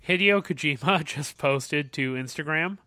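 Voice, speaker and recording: An excitable man co-hosting a podcast chat, swearing freely. His voice is bright and sharp, sitting a little high for a man. The recording is dry and close, with no room sound. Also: a little slow, dry recording. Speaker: podcast co-host. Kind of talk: casual chat.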